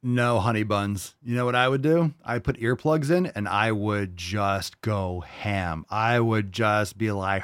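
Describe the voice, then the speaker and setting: A man's voice: on the low side, measured pace, hardly any pauses, fairly bright tone, clean tone, no echo, clean studio sound. A male podcast host doing crude, mocking reaction commentary on video clips.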